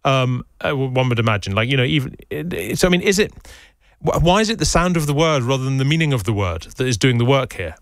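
Fast-talking male radio presenter. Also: medium pitch, lively intonation, dry recording. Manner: brisk, conversational questioning. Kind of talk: radio interview.

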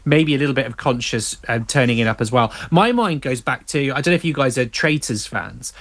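A man's voice: medium pitch, a little fast, a bit bright. A man from Croydon in casual podcast chat, playful, full of hesitant restarts and stammers. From Croydon, England.

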